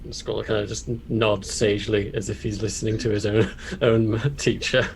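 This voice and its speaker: A man's voice: on the low side, flat delivery, normal speed, vocal fry, slight background noise. A man playing in a tabletop game, casually describing his character's actions and laughing along. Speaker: player.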